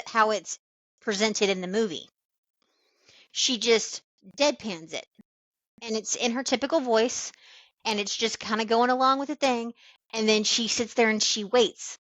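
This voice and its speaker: A woman's voice: fairly high pitch, a bit bright, no room sound. Profane storytelling woman on a dull recording. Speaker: podcast co-host. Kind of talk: casual chat.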